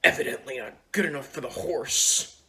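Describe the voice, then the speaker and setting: Brief: blunt, sulky little girl, put on by a young man in a bright voice. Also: deep voice, normal speed.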